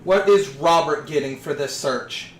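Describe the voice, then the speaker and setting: Mid-pitched game master, brisk, echoing room. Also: slight background noise. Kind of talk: narrating a tabletop game. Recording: roomy room sound.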